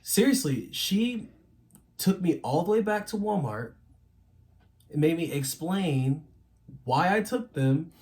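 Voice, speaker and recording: A young man co-hosting a casual podcast, his voice sitting a little on the high side. He tells stories animatedly, laughing as he goes. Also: slow pace, pauses often. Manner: animated, laughing, acts out quotes. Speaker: podcast co-host. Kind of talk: casual storytelling chat.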